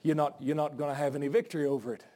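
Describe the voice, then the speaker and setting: A male pastor preaching a sermon, out of breath, swinging from folksy asides to shouted peaks. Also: on the high side, fairly even intonation, rapid-fire. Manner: folksy, joking asides to the congregation.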